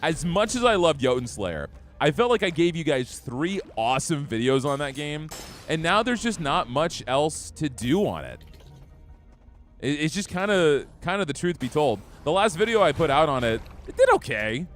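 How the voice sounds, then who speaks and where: A man's voice: a little high, big pitch swings, normal speed, faint music behind. A young man streaming a game live, chatting upbeat and casually with his viewers while he plays. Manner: upbeat, chatty, talks to chat. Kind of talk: live gameplay commentary.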